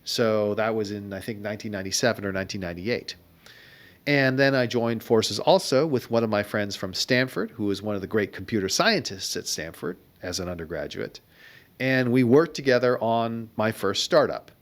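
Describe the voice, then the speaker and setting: Low-voiced middle-aged man telling stories. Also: expressive, moderate pace. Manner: reflective, wry anecdotes. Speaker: guest entrepreneur. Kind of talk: conversational storytelling.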